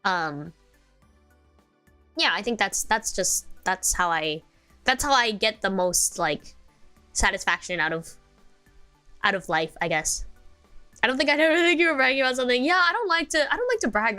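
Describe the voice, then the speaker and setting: A young woman chatting on a livestream. She rambles and giggles through her stories, leaning on filler words, at an ordinary pitch. Soft music plays faintly behind her. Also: big pitch swings, normal speed, long pauses, clear, resonant tone. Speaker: VTuber streamer. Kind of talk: casual stream chat.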